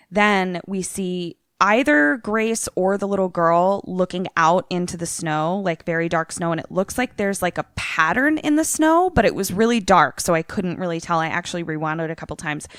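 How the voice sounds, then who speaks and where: A young woman chats her way through a movie trailer on a podcast, piling up fillers as she goes. Her voice sits a little low and sounds smooth and clean. The recording is dry and close, with no room sound. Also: a bit bright, no echo. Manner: chatty, filler-heavy, lots of "like". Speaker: podcast co-host. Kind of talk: casual retelling of a trailer.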